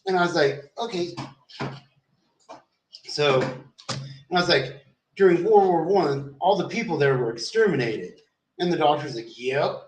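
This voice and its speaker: A man's voice: on the high side, animated, normal speed, a little hiss or hum. A man telling a loose, rambling story in casual chat, swearing freely and trailing off in fillers. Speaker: vlogger. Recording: roomy echo, distant from the mic.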